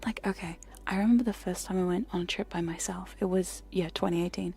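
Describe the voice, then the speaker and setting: A woman's voice: fairly low pitch, steady tone, fast, gravelly, breathy edge. Whispering woman chatting on an ASMR stream. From United Kingdom. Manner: whispers, drifting into soft spoken chat, chatty and giggly. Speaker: ASMR livestream host. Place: home streaming setup. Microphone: close condenser mic.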